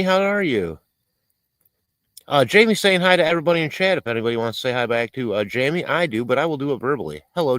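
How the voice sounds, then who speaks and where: Cooking on a casual live stream out in a rural area, this host rambles, curses and reads chat messages aloud. His medium-pitched, slightly bright voice has no room sound, though the recording is rough.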